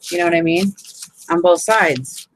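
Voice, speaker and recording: A woman's voice: lowish voice, normal speed, poor audio. A woman hosting a casual live crafting hangout, chatting as she shows paper folds and greets viewers. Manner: chatty, fills with "you know what I mean". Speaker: crafting group host.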